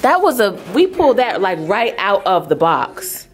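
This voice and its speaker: A woman vlogger talking casually to her viewers. She is chatty and expressive and breaks into loud, alarmed exclamations. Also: mid-range voice, normal speed, over music. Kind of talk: casual vlog chat.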